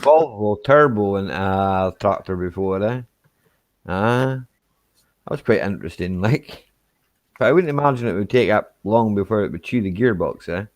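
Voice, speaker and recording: Laid back host guy chatting cars, lower voice, dry close sound. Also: moderate pace, dry recording. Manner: easygoing, tags sentences with "eh". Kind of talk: casual chat.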